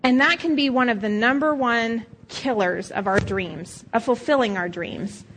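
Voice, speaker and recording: A woman's voice: on the high side, normal speed, a bit bright, slight background noise, low-quality recording. A middle-aged woman pastor preaching a sermon in a conversational, storytelling way, acting out quoted voices.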